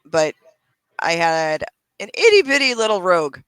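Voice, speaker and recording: A man's voice: high voice, moderate pace, smooth, no room sound, poor audio. A man hosting a casual chat, telling gaming stories with lots of swearing and acted-out quotes. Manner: animated storyteller, swearing, acting out quotes in raised voices. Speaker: podcast host.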